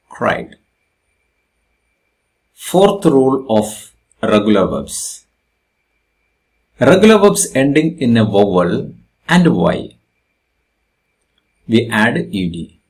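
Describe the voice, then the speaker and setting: A man with an Indian English accent teaching a grammar lesson, slowly repeating examples and stressing syllables. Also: lowish voice. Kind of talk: grammar lesson explaining spelling rules.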